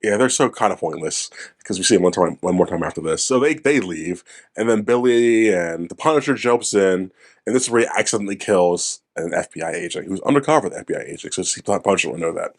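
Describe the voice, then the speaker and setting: A man's voice: low-pitched, fast. A man co-hosting a casual movie review podcast, swearing freely and breaking into goofy character impressions. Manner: swearing, animated, mimics characters in goofy voices. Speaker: podcast co-host.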